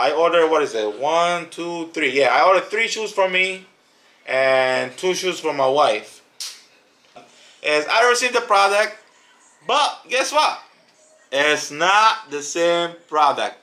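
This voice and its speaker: On a family channel, a man with a voice on the high side gives a casual product review. He talks emphatically and animatedly, repeating words for stress.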